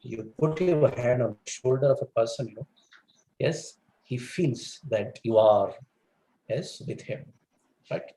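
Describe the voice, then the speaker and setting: A man lectures to a webinar audience in a mid-range voice. His delivery is animated, with wide swings in pitch and frequent fillers. The room around him rings with noticeable echo. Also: unhurried, pauses often. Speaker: guest speaker on English communication.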